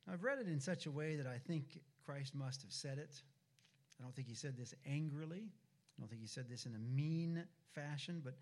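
A man preaching a sermon in a deliberate, reflective manner. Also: mid-range voice, a little mellow.

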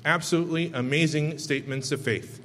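A man with children, preaching a sermon: he reads scripture and pauses earnestly to explain it and talk straight to his listeners. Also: fairly high pitch, steady tone, fairly bright tone, in a large hall. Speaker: pastor.

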